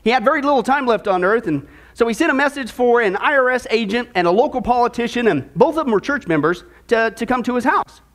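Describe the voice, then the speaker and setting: A man preaching a sermon to his listeners, calling them folks, with repeated words and animated emphasis. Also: very high-pitched, quick pace. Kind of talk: sermon with a joke.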